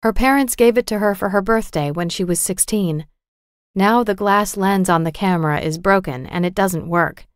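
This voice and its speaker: A woman narrating a storybook for English learners with a clear, measured, carefully articulated reading. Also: medium pitch, no room sound, studio quality.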